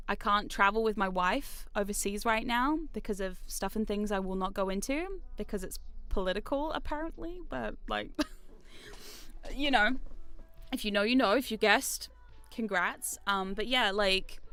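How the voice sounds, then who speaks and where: Bright, clear-voiced New woman streamer. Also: medium pitch, no room sound. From New Zealand. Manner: rambling, self-deprecating, swears freely. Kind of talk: casual stream chat. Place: home streaming room.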